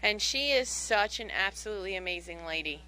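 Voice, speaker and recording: A woman's voice: mid-range voice, lively intonation, fairly quick, pushed and bright, low-quality recording. A woman hosting a radio show, interviewing her guest in an effusive, gushing manner.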